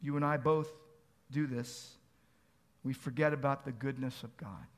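A man's voice: medium pitch, fairly even intonation, a little slow. A man preaching a sermon as pastor, earnest, asking pleading rhetorical questions and building to emphatic peaks.

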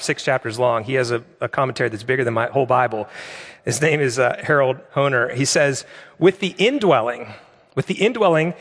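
A man's voice: a little high, fairly bright tone, long reverb tail. A middle-aged man preaching a sermon in a conversational way, asking the congregation rhetorical questions. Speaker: pastor.

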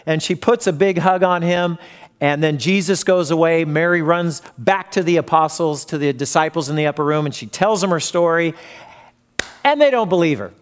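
A man's voice: fairly high pitch, normal speed, clear, resonant tone. A man preaching a sermon, retelling a story and briefly acting out the voices in it. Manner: storytelling, acts out quoted voices. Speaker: pastor.

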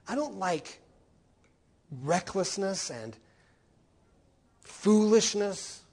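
Middle-aged male pastor, lively sermon delivery, high voice with lots of swing, keeps asking the congregation rhetorical questions. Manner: animated, rhetorical questions, voicing quoted speakers.

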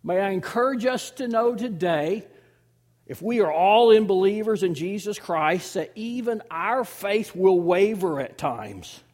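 A man in his fifties preaching a sermon as pastor, swinging between loud emphasis and hushed, near-whispered lines. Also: sits high, lively intonation, measured pace. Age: 50s.

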